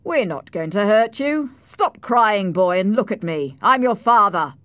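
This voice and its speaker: A woman's voice: medium pitch, very animated, unhurried, no room sound. Lady reading a harsh scheming guy, bossy and sarcastic, swoops around, dry close audio. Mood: commanding. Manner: commanding, cold, sarcastic. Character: harsh scheming male landowner, grown man.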